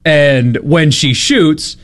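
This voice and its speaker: A man co-hosting a casual talk show, telling stories animatedly and laughing often, from Mississippi. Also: fairly high pitch. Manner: animated storyteller, laughs often, quick asides. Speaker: co-host. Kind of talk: casual chat.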